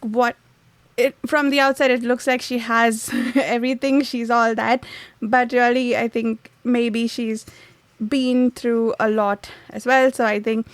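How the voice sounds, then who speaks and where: A woman's voice: on the high side, no echo. A woman hosting a casual book discussion podcast, chatty, laughing often and searching for words. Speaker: podcast host.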